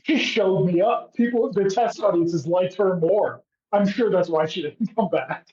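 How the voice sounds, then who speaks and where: High-voiced and darkish in tone, this man keeps a measured pace as a podcast co-host. The echoey, muffled lo-fi recording catches him recapping a show with casual, sarcastic and profane comedic riffs.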